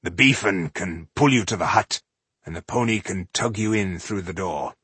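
A man voicing a cheerful male dwarf warrior who teases his friend, husky-voiced and easygoing. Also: sits low, normal speed, a bit bright, dry recording. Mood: teasing. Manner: jovial, mocking, easygoing.

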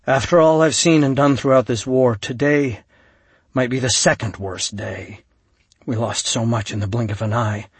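A man playing a grieving, guilt-ridden male fleet commander in an audiobook, speaking in a low, broken murmur with a husky voice. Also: fairly even intonation, moderate pace, no echo.

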